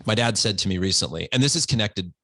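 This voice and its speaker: Low-voiced man, earnest and emotional. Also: fast, gravelly, no room sound. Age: 40s. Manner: earnest, open, animated retelling with quoted voices. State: close to tears. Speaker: podcast guest. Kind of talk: emotional personal storytelling.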